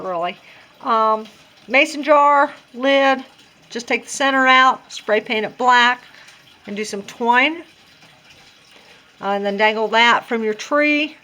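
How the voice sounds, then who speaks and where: A chatty woman with a drawl walks through a home craft project, thinking out loud as she goes. Her voice sits a little high, and she laughs at her own mistakes. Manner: chatty, self-deprecating, thinks aloud. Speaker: crafting vlogger. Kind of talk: casual craft tutorial.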